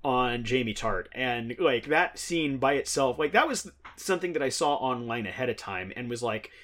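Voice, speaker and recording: Podcast host, thirties, man with a mid-range voice, relaxed and rambling, laughs easily. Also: medium pitch, normal speed. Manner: rambling, chuckling, conversational. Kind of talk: casual chat.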